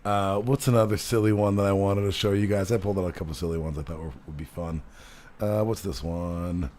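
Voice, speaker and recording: A man's voice: low-pitched, steady tone, brisk, darkish tone. Chatty man hosting a casual podcast. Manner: chatty, many fillers, plays clips to react to. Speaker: podcast host. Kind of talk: casual chat.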